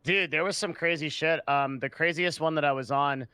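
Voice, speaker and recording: A man's voice: on the high side, steady tone, moderate pace, pushed and bright, smooth, no room sound, clean studio sound. A man from the San Diego area telling a story in casual chat, swearing often and filling gaps with "like" and "um". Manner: swearing storyteller, many fillers. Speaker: podcast guest.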